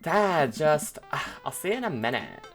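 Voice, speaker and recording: A man's voice: fairly high pitch, very animated, moderate pace, faint music behind, pitched above the performer's own voice. A man putting on a bossy teenage girl. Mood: exasperated. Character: exasperated teenage daughter, bossy.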